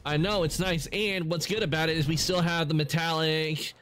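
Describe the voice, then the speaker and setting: A man's voice: fairly high pitch, fairly even intonation, normal speed, fairly bright tone, a little hiss or hum. A man streaming a game live, chatting casually and correcting himself as he rambles along. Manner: rambling, with frequent self-corrections. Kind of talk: casual gameplay commentary.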